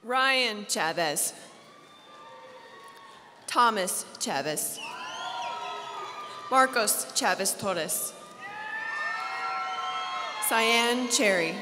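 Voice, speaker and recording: A woman reading graduates' names at a graduation ceremony, very slow and deliberate. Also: mid-range voice, animated, background noise. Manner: very slow, deliberate name calling. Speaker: name reader at a graduation. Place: large hall at a school graduation. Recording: distant, echoey hall with crowd.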